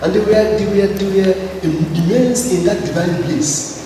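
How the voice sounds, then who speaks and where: A Nigerian Catholic priest with a high, warm voice gives a spiritual talk to a gathering at a moderate pace. He tells a story and leads the audience in call and response. The recording is noisy, in an echoey hall, with his voice coming from far off.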